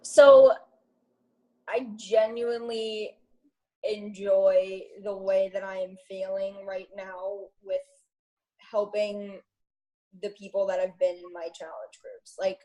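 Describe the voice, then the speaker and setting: A woman's voice: medium pitch, little pitch movement, takes it slowly, dark tone, poor audio. Chatty, rambling young woman guest. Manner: rambling and chatty, often laughing at herself. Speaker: interview guest, new coach. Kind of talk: casual interview.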